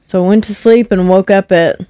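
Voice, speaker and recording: A woman's voice: medium pitch, normal speed, clear, resonant tone, no echo, studio quality. A young woman, a podcast guest telling stories in casual chat and acting out what people said. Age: young adult. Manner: animated, acts out quoted voices. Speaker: podcast guest, host's wife.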